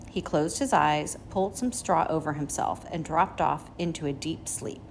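A woman teacher reads a children's book aloud in a gentle, measured voice. Her voice is low with a gravelly edge, and a faint hiss sits under the recording. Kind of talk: storybook read-aloud.

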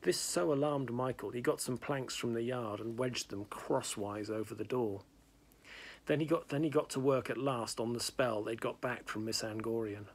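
Man reading a novel aloud, gravelly. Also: medium pitch, moderate pace. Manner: plain narration with small slips and restarts. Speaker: reader.

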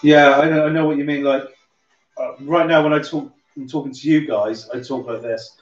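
A man with a light Somerset twang hosts a relaxed drink-along stream and chats on in a loose, rambling way. He sounds set back from the mic in an echoey room. The audio is slightly dull, with faint music underneath. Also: a little high, fairly quick. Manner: chatty, rambling, swears casually. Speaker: livestream host. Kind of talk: casual drink-along chat. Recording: roomy, distant, dull sound with music behind.

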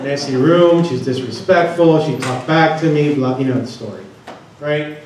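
Speaking at normal speed, this man's voice is a little high and darkish in tone, with slight background noise. He's giving a seminar talk as a conference speaker, frequently asking the room questions. The large conference room comes through echoey on a distant mic.

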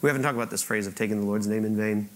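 A man's voice: lowish voice, steady tone, very fast. A man preaching a sermon to his church, talking conversationally, often repeating words as he restarts and asking the congregation questions. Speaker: pastor. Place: church auditorium.

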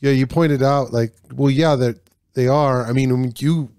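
A man's voice: mid-range voice, fairly even intonation, moderate pace, darkish tone, clean tone, no room sound, studio quality. A man hosting a casual podcast, reading trivia questions aloud in a loose, joking way with stumbles and swearing.

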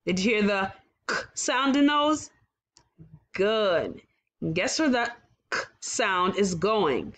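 A woman teaching a kindergarten phonics lesson, slowly sounding out words and praising the children with exaggerated, sing-song encouragement. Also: medium pitch, big pitch swings, a bit bright. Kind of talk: slow, clearly enunciated phonics lesson for young children.

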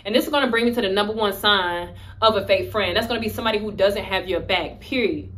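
A woman's voice: medium pitch, fast talker, fairly bright tone. A young woman vlogger telling a personal story in a candid, emphatic, conversational way. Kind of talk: story-time vlog.

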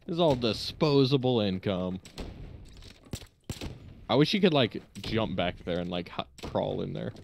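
A man's voice: lowish voice, expressive, unhurried, creaky, pauses often, slight background noise. A man playing a game with friends, chatting casually and teasing them. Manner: teasing, joking. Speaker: guest gamer. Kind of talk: casual gaming chat.

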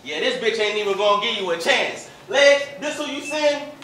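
Aggressive bright-voiced battle rapper. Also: male voice, very high voice, lively intonation, moderate pace. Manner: aggressive, boastful delivery. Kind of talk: battle rap performance. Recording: roomy echo, distant mic, faint noise.

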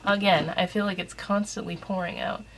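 A woman's voice: fairly low pitch, steady tone, normal speed, a little hiss or hum, rough recording. A woman vlogging at home, chatting casually through an unboxing, a little out of breath and mildly stuffed up, with a camera resting on a shelf. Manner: chatty and rambling, with fillers.

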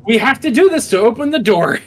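A man's voice: very high-pitched, sing-song, fast, crowd noise. A man playing a co-op game with a friend, playful and teasing, breaking into squealing outbursts. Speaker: co-op gaming partner. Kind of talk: casual co-op gameplay chat.

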